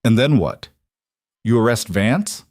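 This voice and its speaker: A man's voice: fairly low pitch, animated, slow pace, a little mellow, dry recording, studio quality. A man voicing a guarded rancher and father who speaks curtly and bitterly. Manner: curt, bitter.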